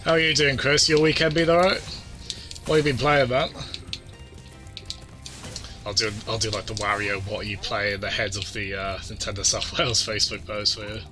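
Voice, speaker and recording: A man's voice: on the low side, steady tone, moderate pace, pauses often, sharp tone. A man casually chatting as he streams a video game, rambling from thought to thought and restarting his sentences, with game music behind him. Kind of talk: casual let's-play chat.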